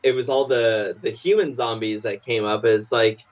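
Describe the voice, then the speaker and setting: A man's voice: mid-range voice, steady tone, normal speed. Man, podcast co-host, rambling casual chat, filler-heavy, goofy quote voices, dull lo-fi audio. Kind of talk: casual chat retelling cartoon scenes.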